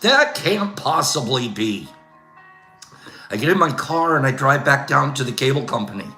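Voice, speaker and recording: Telling rambling complaints on his casual livestream, an older man laughs frequently and keeps saying "Okay?". He has a medium pitch, lively intonation, a moderate pace and a sharp tone, and the reverberant recording carries soft background music.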